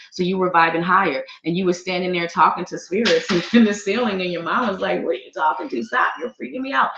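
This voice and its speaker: A woman's voice: lowish voice, slight background noise. A middle-aged woman, a psychic giving a casual, playful live-stream tarot reading and chatting with viewers. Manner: animated, playful, chatty, talks to viewers as y'all. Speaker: psychic reader. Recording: roomy, dull lo-fi stream audio.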